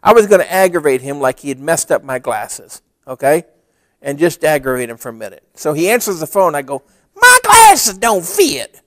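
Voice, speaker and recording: A man's voice: a little high, lively intonation, a little fast, no room sound, studio quality. A man preaching a sermon, telling a story and then building to emphatic, urgent exhortation. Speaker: pastor.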